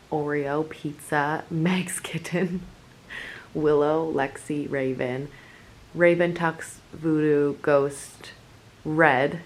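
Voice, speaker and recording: A young woman chats casually to her camera at home, her voice sitting a little low, with baby talk now and then. Faint room ambience hums behind her, picked up by a handheld camera mic. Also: a little hiss or hum, poor audio. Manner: chatty, switches to high baby talk with the kitten. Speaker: vlogger. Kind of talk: casual vlog chat. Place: home bedroom, indoors.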